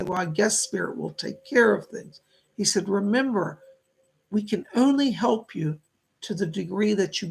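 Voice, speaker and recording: A middle-aged man gives a live psychic reading in a deeply gravelly, husky voice. He relays what the spirits say as quotes, peppering every sentence with "he said.". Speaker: psychic medium.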